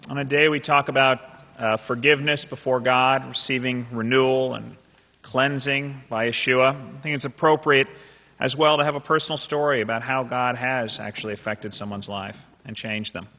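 A man leading a church service, introducing a guest speaker in a measured way. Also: mid-range voice, fairly even intonation, sharp tone. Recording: dull audio in a reverberant hall.

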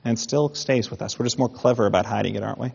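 A man preaching a sermon in an animated way, with mock-indignant asides. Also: fairly low pitch, racing, gravelly, slightly rough. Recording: dull sound in a reverberant hall.

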